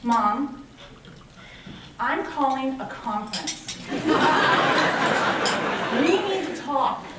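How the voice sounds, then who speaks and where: A woman's voice: high voice, expressive, distant mic, heavy background noise, full character voice. A woman voicing her six-year-old daughter as a polite, earnest little girl, recorded from afar in an echoey hall. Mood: prim, earnest. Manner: prim, deliberate, grown-up politeness. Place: large convention hall.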